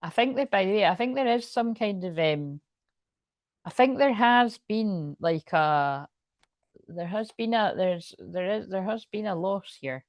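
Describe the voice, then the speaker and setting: A Scottish woman does a casual tarot reading to camera, rambling and chatty, swearing freely and laughing often. Her medium-pitched voice is expressive and a little slow, and the recording is dry.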